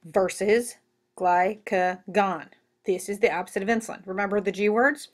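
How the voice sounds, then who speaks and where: Woman, teacher, recorded lecture, animated, joking, chatty asides. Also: mid-range voice, moderate pace.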